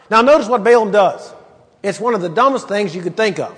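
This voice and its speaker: High-voiced man preaching in a hall. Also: quick pace. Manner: conversational, emphatic, rhetorical questions. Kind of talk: sermon, Bible teaching.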